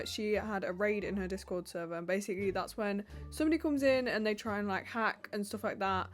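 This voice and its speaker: A woman, answering viewer questions in a casual vlog, chatty and bubbly with lots of fillers. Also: medium pitch. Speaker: YouTuber and roleplay voice actor.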